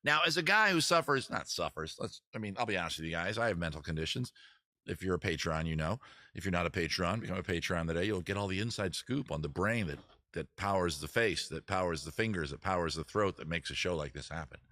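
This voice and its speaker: A man hosting a casual livestream, rambling and self-mocking with deadpan asides. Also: low voice, fast, dry recording, studio quality. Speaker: livestream host. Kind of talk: casual livestream chat between songs.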